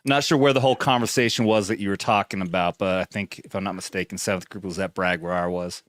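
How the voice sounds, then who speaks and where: A man hosting a casual veterans' podcast, talking with animated, profane energy and reading out live chat comments. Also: low voice, quick pace, no room sound, studio quality. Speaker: podcast host.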